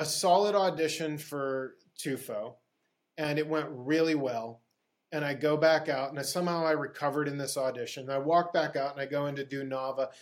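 A middle-aged man from Pittsburgh, a guest actor on a podcast, telling anecdotes in a casual style, acting out dialogue and laughing often. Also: fairly high pitch. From Pittsburgh, USA. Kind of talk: casual storytelling interview.

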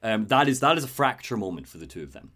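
A man hosting a podcast, recapping a story in an enthusiastic, animated way. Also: mid-range voice, quick pace. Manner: animated, enthusiastic, acts out quotes. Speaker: podcast host.

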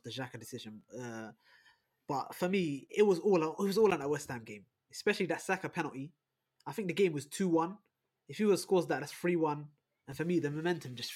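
A young man making his case quickly and animatedly in a casual football podcast debate, with slangy phrasing. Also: fairly high pitch, husky. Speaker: podcast panelist.

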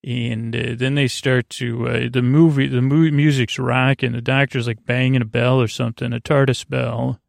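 A man hosting a sleep podcast, recapping an episode in a halting, rambling way with many fillers and restarts. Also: mid-range voice, little pitch movement, creaky, dry recording, clean studio sound. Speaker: podcast host.

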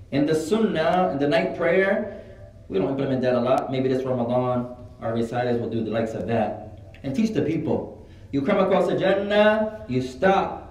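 Speaking at a fairly high pitch, a religious teacher gives a classroom lesson woven with stories, relaxed and lively as he acts out what people said. The room is echoey and the microphone sits far away.

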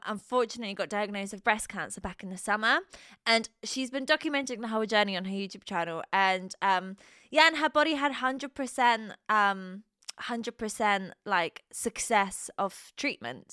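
A young woman in her twenties co-hosting a casual podcast, bubbly and laughing often, with quick asides. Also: on the high side, pushed and bright, smooth, dry recording, clean studio sound. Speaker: podcast co-host. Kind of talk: casual chat.

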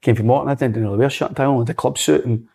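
Scottish ex-footballer telling stories. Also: male voice, medium pitch, racing, creaky, breathy edge. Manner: lively storyteller, acts out quotes. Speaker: former footballer, guest. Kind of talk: casual anecdote telling.

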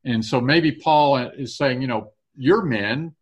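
A man's voice: medium pitch, slow pace. A man leading a casual Bible study discussion, reading verses aloud and thinking through their meaning.

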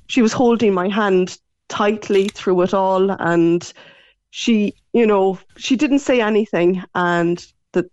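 A woman's voice: medium pitch, darkish tone, dry recording, muffled recording. A woman in her forties with an Irish accent, a radio guest telling a personal story in a chatty, emotional way. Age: 40s. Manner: chatty, emotional, quotes others often. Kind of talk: casual storytelling chat.

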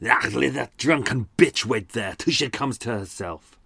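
A man's voice: medium pitch, measured pace, sharp tone, no room sound, studio quality, heavily acted. A man voicing a violent, angry older Scottish husband in a harsh, guttural attempted Glaswegian accent. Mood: menacing. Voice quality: gruff, guttural.

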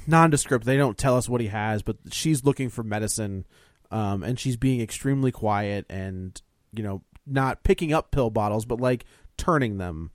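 A man's voice: mid-range voice, normal speed, no echo, studio quality. A man co-hosting a casual podcast who retells a film scene by scene and acts out the reactions. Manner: animated storytelling, acts out reactions. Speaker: podcast co-host. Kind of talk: casual chat, recapping a film.

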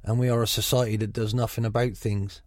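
A man's voice: lowish voice, little pitch movement, quick pace, a little mellow, no echo, studio quality. A middle-aged football manager with a Gloucestershire burr, talking frankly in a radio interview, often restarting his sentences. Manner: frank, chatty, many restarts.

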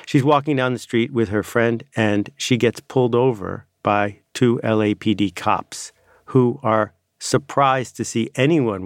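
Low, gravelly man narrating a podcast. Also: no room sound, clean studio sound. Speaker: podcast host.

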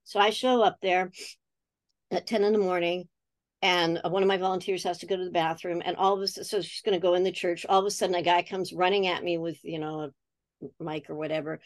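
A woman in her sixties speaks in a fairly low voice as a podcast guest. She talks earnestly and reflectively, in a relaxed, casual manner. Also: brisk, no echo. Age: 60s. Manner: earnest and reflective, acts out remembered dialogue. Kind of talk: casual conversation.

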